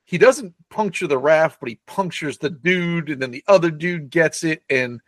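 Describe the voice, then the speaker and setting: A man's voice: on the high side, fairly bright tone, no room sound. Profane, rambling man recapping a film. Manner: loose, profane storytelling, doing quick silly character voices. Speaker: podcast co-host recapping a film. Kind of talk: casual chat.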